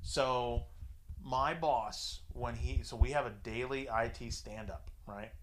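A man's voice: mid-range voice, slow pace. A man telling a crude, profane story in casual chat, acting out the voices of the people in it. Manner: profane, animated, acts out voices in his anecdotes. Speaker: podcast co-host telling a story.

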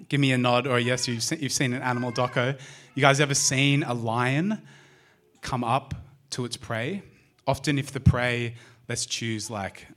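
A man with an Australian accent preaching a sermon, speaking straight to the congregation with lively questions. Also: mid-range voice. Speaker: pastor. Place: church service.

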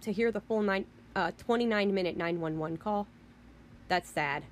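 Woman vlogger on a fired-up rant, rambly, lots of "you know", mid pitch. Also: moderate pace, a little hiss or hum. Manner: indignant, rambling, repeats "you know" and "I mean"; swears in exasperation. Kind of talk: angry storytelling rant.

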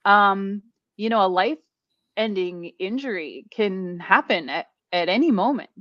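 A woman's voice: mid-range voice, expressive, measured pace, no room sound, lo-fi sound. A woman guest in casual conversation, talking earnestly and rambling with many fillers. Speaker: interview guest. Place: New Orleans.

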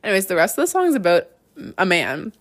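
A woman's voice: medium pitch, sing-song, fast. Chatty young woman podcaster, laughing a lot. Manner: chatty, laughing, swearing freely. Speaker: podcast co-host. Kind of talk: casual chat.

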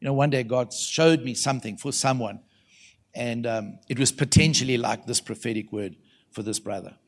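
A man's voice: mid-range voice, normal speed. A man preaching at a church conference in a conversational sermon style, telling stories animatedly and calling out to the congregation. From South Africa. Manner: animated storytelling, calls out to the congregation, voices quoted people.

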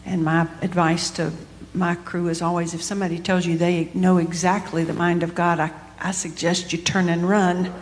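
Woman pastor, lowish voice, earnest, measured explainer, live hall echo. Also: level tone, a little hiss or hum. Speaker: pastor and podcast co-host. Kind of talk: live podcast talk on scripture. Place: large hall with a live audience. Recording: hall reverb.

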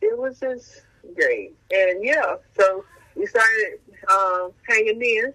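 A woman's voice: medium pitch, expressive, slow pace, bright, forceful tone, dry recording, poor audio. A woman co-hosting a podcast, chatting casually with slangy, exclamatory talk; she works as a teacher. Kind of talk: casual chat.

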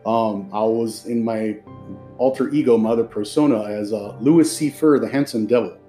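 A man's voice: fairly low pitch, normal speed, warm tone, soft background music. A man hosting a podcast in casual, chatty talk, effusive and full of loose restarts. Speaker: podcast host.

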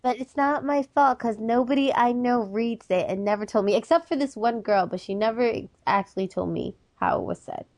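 A woman co-hosting a casual podcast, bubbly and excitable, chatty with lots of fillers. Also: on the high side, brisk, hardly any pauses, dry recording, clean studio sound. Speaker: podcast co-host. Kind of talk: casual chat.

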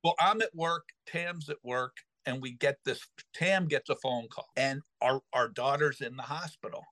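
A man's voice: mid-range voice, moderate pace, no echo, low-quality recording. A middle-aged man casually telling a funny family story on a podcast, acting out the voices of the people in it. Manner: animated, acts out quoted voices.

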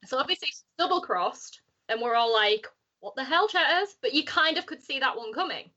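High, bright woman, animated. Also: a little fast. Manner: animated, laughing, swearing, acting out quotes. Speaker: podcast panelist. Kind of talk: casual chat. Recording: dull lo-fi audio.

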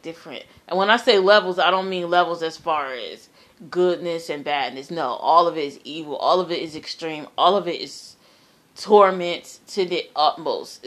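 A woman shares a personal dream in slow, drawn-out phrases, her voice sitting a little low. She halts, repeats words and trails off softly, but turns emphatic when she stresses the terror. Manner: earnest, emphatic about the terror. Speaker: storyteller sharing a personal dream. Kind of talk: casual personal testimony.

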